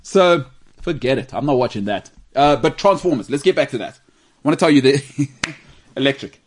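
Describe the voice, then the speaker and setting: A man from Africa, hosting a casual chat and mocking in quick asides. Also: medium pitch, slight background noise. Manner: animated, mocking accents in quoted asides. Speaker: host.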